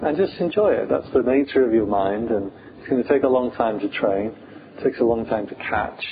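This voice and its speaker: A man's voice: mid-range voice, fairly quick. A British man, a Buddhist monk, teaching meditation in an informal, humorous talk full of fillers. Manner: chatty, humorous, many fillers. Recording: tinny phone-like sound, faint hiss.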